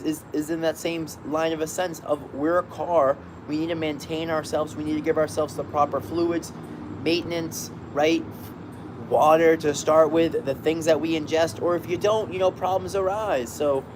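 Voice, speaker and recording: Upbeat man, slightly high voice, chatting casually to viewers from a balcony hammock, street sounds audible behind. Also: noisy background. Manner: rambling, upbeat, greets viewers by name. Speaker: live-stream host. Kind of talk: casual live-stream chat. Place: outdoors on a balcony, lying in a hammock.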